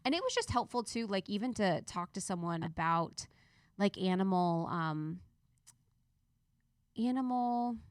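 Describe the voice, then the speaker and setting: Chatty woman telling a lively story. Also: mid-range voice, unhurried, pauses often, clear, resonant tone, no echo, clean studio sound. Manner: animated storyteller, many fillers. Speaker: podcast host. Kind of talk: casual chat, storytelling.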